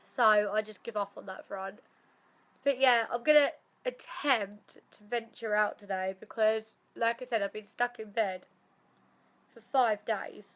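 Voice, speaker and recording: A woman's voice: mid-range voice, unhurried, fairly bright tone. A young woman chatting casually to camera with a badly blocked nose, swearing freely and laughing often. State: blocked nose after surgery. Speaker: vlogger.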